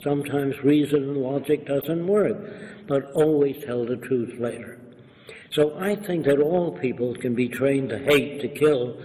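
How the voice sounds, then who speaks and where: A man's voice: mid-range voice, unhurried, mellow. An older man, being interviewed, telling anecdotes in a lecturing way and acting out other people's voices. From New York. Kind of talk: anecdotal storytelling. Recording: echoey room, faint hiss.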